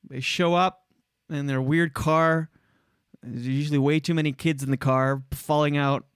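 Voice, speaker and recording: A man in a casual podcast argument who is blunt and sarcastic and keeps cutting in. His voice sits somewhat high for a man. The sound is close and dry, with no room to it. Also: fairly even intonation, measured pace, smooth, no echo. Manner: blunt, sarcastic, talks over his partner. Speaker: podcast co-host. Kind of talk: casual arguing chat.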